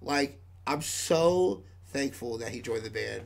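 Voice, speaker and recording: A man's voice: medium pitch, expressive, slow, gravelly. A man, a podcast guest from a band, telling a rambling story with lots of "like"s and frequent laughs. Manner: rambling, many "like"s, laughs often. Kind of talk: casual storytelling.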